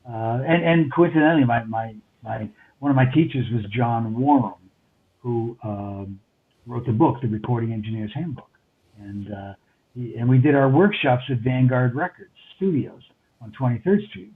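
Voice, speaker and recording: A man's voice: mid-range voice, normal speed. An older man from New York City with a New York accent, a recording engineer telling long rambling stories full of fillers and restarts. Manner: meandering, many fillers and restarts. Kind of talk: rambling anecdotal storytelling. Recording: tinny phone line.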